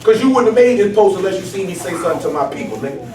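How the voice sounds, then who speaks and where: A man teaching a Bible study in a casual, animated, streetwise way, often asking if listeners follow him. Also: sits high, racing, reverberant, distant mic. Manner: animated, streetwise, keeps asking "you know what I'm saying". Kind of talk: casual preaching to a small group.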